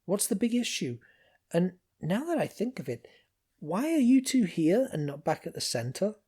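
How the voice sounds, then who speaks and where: A man voicing a bewildered, quick-tempered woman manager who asks things plaintively. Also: high-pitched, big pitch swings, breathy edge, voice pushed up, full character voice. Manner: plaintive, then yelling.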